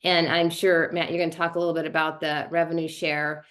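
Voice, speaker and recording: Female, lowish voice, rambling and warm-hearted sharing during a casual call. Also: level tone, a little fast. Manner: chatty, many fillers and restarts.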